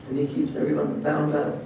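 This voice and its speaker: A man retells a devotional story in a slow sermon, clearing his throat and repeating words as he goes. His voice is slightly high and mellow. It is picked up from afar in a strongly reverberant hall with faint background noise. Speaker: speaker telling a devotional story. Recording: very echoey hall, distant mic, faint noise.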